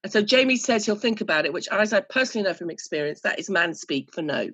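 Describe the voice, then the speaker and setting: A woman's voice: mid-range voice, animated, fast talker, a bit bright, husky. A woman co-hosting a podcast, recapping a TV episode in casual chat with dry, wry asides. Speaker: podcast co-host.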